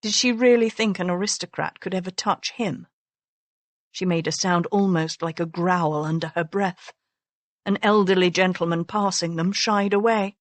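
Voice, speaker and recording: A woman narrates an audiobook novel from a script, telling the story in a measured, even way. Her pitch is fairly low, and there is no echo.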